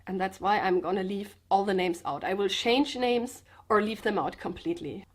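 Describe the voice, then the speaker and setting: A sick woman vlogger talking in a subdued, slightly sedated way, halting and restarting as she speaks from the floor at home. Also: mid-range voice. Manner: halting, hesitant, with many restarts. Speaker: comedian and vlogger. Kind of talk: personal confessional vlog. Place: indoors, sitting on the floor with pillows.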